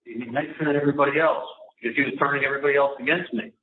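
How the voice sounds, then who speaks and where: A man's voice: medium pitch, fairly even intonation, rapid-fire, faint music behind. A man on a recorded phone call, rambling through a long, aggrieved account of a dispute. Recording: tinny, echoey phone line with faint noise.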